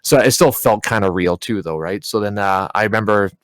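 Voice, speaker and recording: A man's voice: lowish voice, fairly quick, smooth, no room sound. Rambling man telling a story. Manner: rambling, full of "like" and "you know". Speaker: podcast co-host. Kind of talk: casual storytelling.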